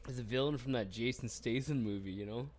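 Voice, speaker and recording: A man's voice: medium pitch, fast talker, darkish tone, a little hiss or hum. A man co-hosting a comedy podcast, joking and laughing through his stories in casual banter. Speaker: co-host.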